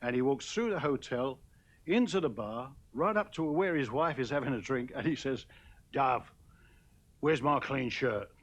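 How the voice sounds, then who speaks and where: A man in an interview, recalling a friend through a slowly built anecdote with a relaxed storyteller's manner. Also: medium pitch, muffled recording.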